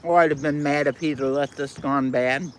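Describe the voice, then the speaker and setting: A woman's voice: low voice, steady tone, moderate pace, a little hiss or hum. An older woman hosting a live stream, chatting casually with viewers in a blunt, folksy way while she eats.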